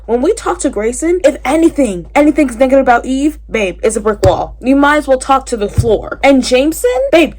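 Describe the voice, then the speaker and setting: A woman reacting to a book in a casual reading vlog, animated and exasperated, swinging between loud outbursts and tired mumbling. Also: high-pitched, normal speed, hardly any pauses. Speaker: book vlogger.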